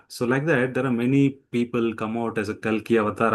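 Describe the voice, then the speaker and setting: Animated male scripture teacher, hesitant. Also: medium pitch, a little fast. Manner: animated storytelling, frequent fillers and restarts, acts out quotes. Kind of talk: devotional scripture talk with slides.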